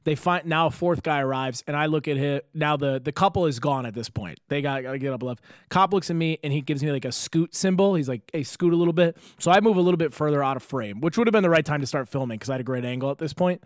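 A man rattles through a story at a quick clip, his voice sitting a little high for a man. The sound is dry and close, with little room around it. He is animated and profane, and laughs as he goes. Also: no echo. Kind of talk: casual storytelling chat.

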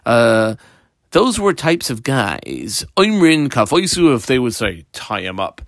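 A man's voice: mid-range voice, huge pitch swings, slow, a bit bright. A man walks his listeners through a Talmud page line by line, his voice rising and falling with real animation. He plays out the characters with modern examples and keeps a playful tone. The sound is dry and close, with no room echo. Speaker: Talmud teacher.

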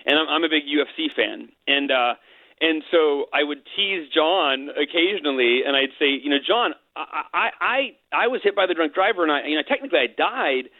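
A man's voice: a little high, animated, dry recording. A middle-aged man, an interview guest, telling a personal story candidly and emotionally, mixing in jokes. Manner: candid, emotional, quick to joke. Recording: tinny phone-line sound.

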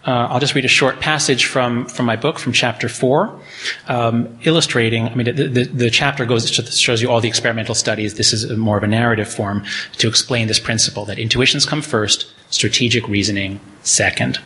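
A man's voice: mid-range voice, fairly even intonation, a little fast, bright, forceful tone, a little hiss or hum. A middle-aged man lecturing, reading from his own book and acting out quoted voices with animation.

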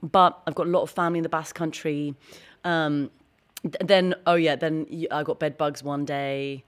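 A woman, a guest on an interview show, telling a long story quickly and with energy. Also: low-pitched. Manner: fast, animated storytelling with laughs. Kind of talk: casual interview chat.

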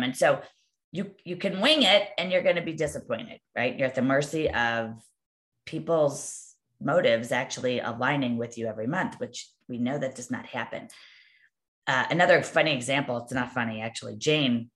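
A woman's voice: a bass voice, moderate pace. A woman coaching real estate agents in a motivational talk, telling stories in a chatty way with many asides and tag questions.

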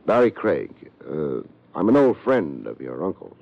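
A man's voice: very deep voice, sing-song, unhurried, gravelly, full character voice. An actor playing a wry, hard-boiled male private detective who narrates and trades dry wisecracks, in 1950s radio drama style. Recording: dull lo-fi old radio recording.

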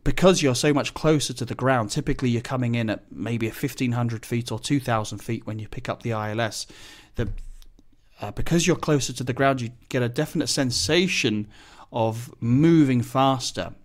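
A man talking casually about his work as a pilot, in a mid-pitched voice. He explains technical terms plainly and keeps an easygoing, conversational tone. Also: brisk. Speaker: business jet pilot.

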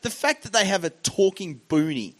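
A man's voice: sits high, normal speed. A young Australian man from Tasmania, co-hosting a casual podcast chat, telling crude stories with lots of energy. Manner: crude, animated storyteller. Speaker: podcast co-host.

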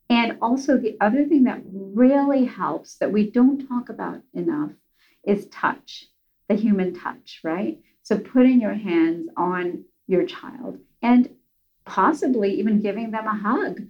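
A woman calmly explaining coping techniques in a casual advice chat, enthusiastic and explanatory. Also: mid-range voice, lo-fi sound. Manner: enthusiastic, explanatory, addresses host by name. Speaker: guest expert.

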